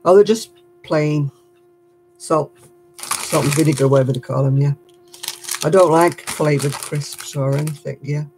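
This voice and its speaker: A woman's voice: deep voice, unhurried, pauses often, noisy background. An older woman, a great-grandmother, chatting casually and laughing often as she reads viewer comments on her crafting livestream.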